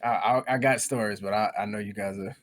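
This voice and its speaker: American male guest, low voice, friendly and hesitant. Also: steady tone, fast. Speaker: podcast guest. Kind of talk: casual chat.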